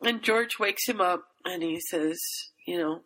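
A woman's voice: lowish voice, measured pace, a bit bright, rough recording. A woman co-hosting a chat show, animatedly retelling a fan story. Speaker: podcast co-host.

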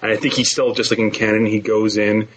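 A man's voice: on the low side, flat delivery, a little fast, slight background noise, poor audio. A man co-hosting a podcast, talking things through in a thoughtful, talkative way. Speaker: podcast co-host. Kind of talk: casual podcast discussion.

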